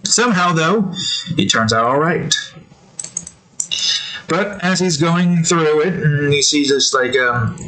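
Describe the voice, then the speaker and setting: A man's voice: fairly high pitch, fairly bright tone, poor audio. A man hosting a drawing video, telling loose, meandering stories in a casual, slangy way with lots of self-corrections. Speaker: digital artist and channel host. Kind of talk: casual rambling commentary while drawing.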